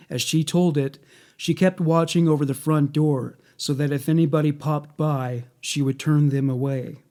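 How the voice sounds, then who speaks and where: Male narrator, slightly high voice, unhurried and measured, plain documentary read. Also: dark tone. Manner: measured, matter-of-fact reading.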